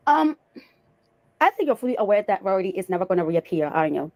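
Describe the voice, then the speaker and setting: Reacting to clips, a woman from Bali hosts a commentary in a sarcastic, scolding tone, calling the person she criticizes "honey." Her medium-pitched voice has a darkish tone, big pitch swings, and a quick pace.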